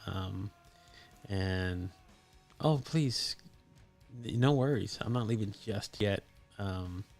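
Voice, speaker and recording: Chatty guy on a live stream, low gravelly voice, processed mic, faint music behind. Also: slow pace, darkish tone. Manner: chatty and enthusiastic, lots of fillers. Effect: processed voice with added depth. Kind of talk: casual live stream chat. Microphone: desktop microphone with voice processing.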